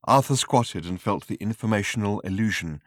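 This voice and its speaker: Male audiobook narrator, lowish voice, close dry recording. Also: dry recording. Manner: dry, measured storytelling. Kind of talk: scripted narration.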